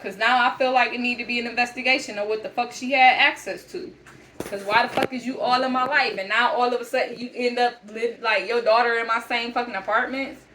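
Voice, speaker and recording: A woman's voice: a little high, pushed and bright, a little hiss or hum, rough recording. A young woman telling a story as a casual rant, blunt, profane and exasperated. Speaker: vlogger.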